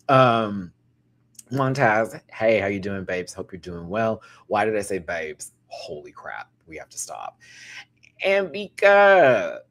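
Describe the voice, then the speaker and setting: A man's voice: lowish voice, animated, takes it slowly, a bit bright. A man giving casual live-stream commentary, chatty and campy, greeting viewers in chat and laughing often.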